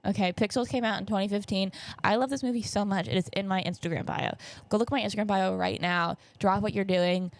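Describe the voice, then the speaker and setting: A woman's voice: medium pitch, fairly even intonation, fast, dry recording. A young woman in her twenties hosting her own podcast, chatting casually and rambling about movies with plenty of fillers and asides, her nose a bit stuffy. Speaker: podcast host. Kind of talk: casual solo podcast recap. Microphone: camera setup.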